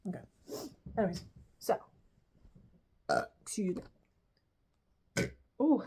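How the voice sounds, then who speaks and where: A woman's voice: medium pitch, expressive, slow pace, dark tone. A young woman giving a casual, rambling, profane video commentary, often stopping mid-sentence and laughing at herself. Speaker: video creator reviewing a show.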